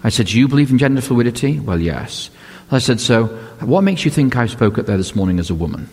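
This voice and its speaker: A man's voice: mid-range voice, lively intonation, fast, darkish tone. An older man preaching a sermon as a pastor, telling stories and asking rhetorical questions in a conversational way. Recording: long hall reverb.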